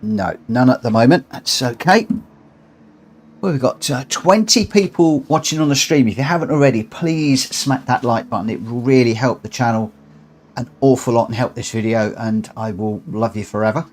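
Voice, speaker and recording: A medium-pitched male voice at normal speed belongs to a streamer hosting online races from home. Out of breath, he keeps up friendly, casual chatter and reads the race results out.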